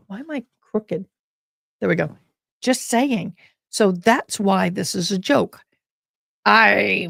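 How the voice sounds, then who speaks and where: A woman from Oklahoma rambles through a live stream, chatting loosely and pausing to sigh and cough. Her voice sits low and is rough with gravel. She sounds short of breath. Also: darkish tone, no room sound, studio quality. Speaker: livestream host. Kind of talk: casual live-stream chat.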